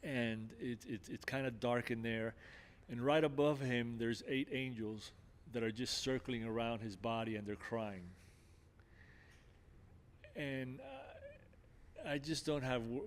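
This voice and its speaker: Older man, podcast guest, earnest testimony, frequent restarts, middle pitch, conversational. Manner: earnest storytelling, many restarts and "you know".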